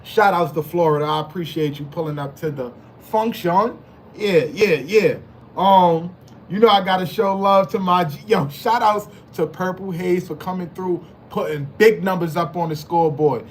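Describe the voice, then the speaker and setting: A man's voice: high-pitched, normal speed, slight background noise. A man hosting a casual live stream, hyped and slangy, greeting chat members by name and repeating his phrases. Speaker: livestream host.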